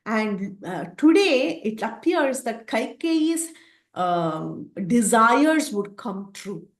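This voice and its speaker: A woman's voice: a little high, sing-song, takes it slowly, reverberant, exaggerated voice. A woman voicing a noble young warrior prince who is stricken with grief, speaking in an emotional, pleading way. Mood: grieving.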